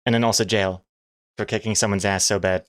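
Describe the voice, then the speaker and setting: A man's voice: lowish voice, fairly even intonation, brisk, no echo, clean studio sound. A man chatting casually and joking at his own expense while he draws comics on a live stream, reading chat messages aloud. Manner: self-mocking, jokey, reads chat aloud.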